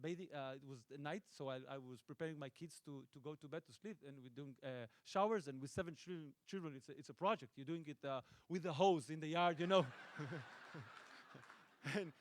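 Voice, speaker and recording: High-voiced Israeli man joking with an audience. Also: fairly quick. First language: Hebrew. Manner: playful, self-interrupting, deadpan jokes. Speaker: film director. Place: stage at a film festival event.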